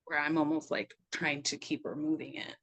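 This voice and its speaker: Middle-aged female guest, lower voice, easygoing and reflective, frequent laughs; audio a bit muffled. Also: level tone, normal speed, fairly bright tone. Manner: loose and reflective, laughs often, many "like"s. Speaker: podcast guest, somatic practitioner. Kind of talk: casual reflective conversation.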